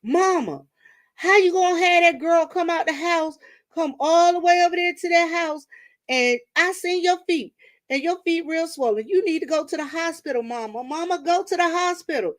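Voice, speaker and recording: A woman's voice: very high-pitched, moderate pace, voice pushed up. A woman voicing her seventy-one-year-old sister, insistent and scolding. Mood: pleading. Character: older sister in her seventies, fussing and pleading.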